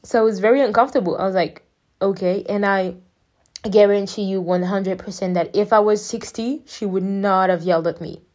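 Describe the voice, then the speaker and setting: A woman's voice: mid-range voice, fairly quick, a little mellow. A woman in her early twenties telling a personal story in a casual, rambling way, quoting everyone with "I was like.". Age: 20s. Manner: rambling, quotes people with "I was like". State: near tears at times. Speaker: podcast host.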